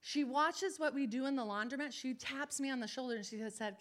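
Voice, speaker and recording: A woman preacher telling a testimony in a sermon, animated, acting out the people she quotes. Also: high-pitched, brisk.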